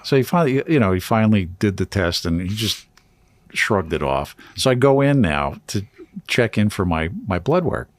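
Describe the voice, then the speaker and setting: A man's voice: lowish voice, lively intonation, moderate pace, no room sound. A man co-hosting a podcast, telling a story in casual chat and laughing often as he goes. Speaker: podcast co-host.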